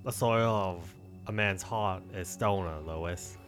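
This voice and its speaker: A grim old New England man , as a man puts him on, drawls dark advice slowly and ominously. The voice sits low, and faint music plays behind it.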